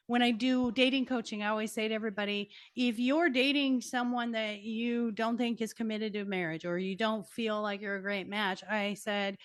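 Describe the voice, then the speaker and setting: A woman's voice: on the high side, fairly even intonation, normal speed, hardly any pauses, clean tone. A woman hosting a podcast and coaching her guest, effusive and emphatic in her responses. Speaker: podcast host and life coach. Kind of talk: conversational interview.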